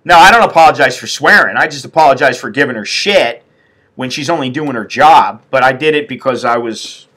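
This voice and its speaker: A man's voice: mid-range voice, expressive, a little fast, sharp tone. A middle-aged man from the United States on a casual live stream, blunt, profane and venting. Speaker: expat vlogger.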